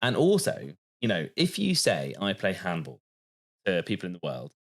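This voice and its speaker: A man's voice: deep voice, wildly swooping pitch, moderate pace. An English man co-hosting a podcast, chatting casually and telling stories with an easy laugh. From United Kingdom. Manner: chatty, storytelling, laughs easily. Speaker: podcast co-host. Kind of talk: casual chat.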